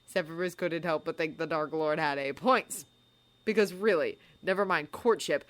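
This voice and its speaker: A woman narrating a fan story aloud in a measured storytelling manner. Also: deep voice. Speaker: fanfiction narrator. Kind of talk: audiobook narration.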